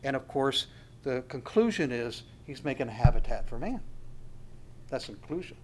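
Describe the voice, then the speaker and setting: A man's voice: mid-range voice, big pitch swings, normal speed. A man preaching a conversational sermon in a reflective way, asking his listeners questions as he goes.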